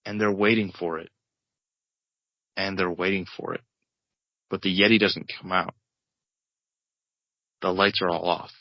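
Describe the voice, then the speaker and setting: A low-voiced man narrates a made-up film scene in a rambling, stop-and-start way and keeps correcting himself. The sound is dry and a bit dull, like a close podcast mic. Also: level tone, dry recording. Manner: rambling, halting, self-interrupting narration. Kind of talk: improvised comedic table read.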